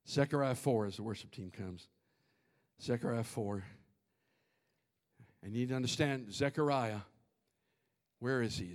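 A middle-aged man preaching a sermon, dropping to hushed near-whispers and rising to shouts. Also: mid-range voice. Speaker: pastor.

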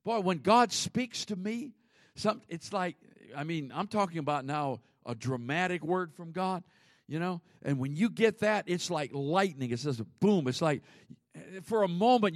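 A man preaching a sermon as pastor, conversational, with sudden swings between loud emphasis and hushed asides. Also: on the high side, dry recording, clean studio sound.

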